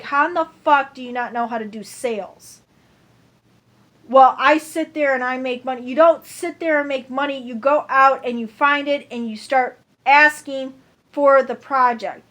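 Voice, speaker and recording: A woman's voice: a little high, fairly bright tone. A woman ranting to camera in a heated, profane monologue, repeating herself over and over.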